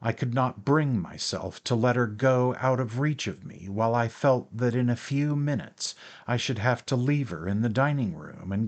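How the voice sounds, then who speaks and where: A man reading a classic novel as an audiobook narrator, in a measured, even way through long sentences. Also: medium pitch.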